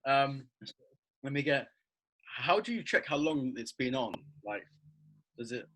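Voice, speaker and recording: Brief: mid-pitched man, halting and filler-heavy in easy podcast chat. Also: a bit bright, low-quality recording. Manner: hesitant, many fillers and restarts. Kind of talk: casual chat.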